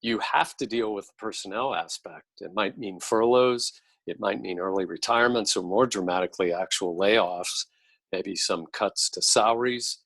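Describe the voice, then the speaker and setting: Measured, low-voiced man explaining policy. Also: a bit bright, no room sound, rough recording. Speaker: podcast guest, policy expert. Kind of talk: podcast interview.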